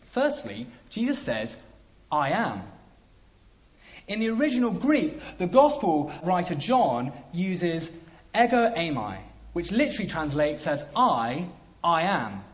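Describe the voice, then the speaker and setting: A man preaching a sermon, emphatic, with dramatic pauses. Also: high-pitched, big pitch swings. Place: church hall. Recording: dull lo-fi sound.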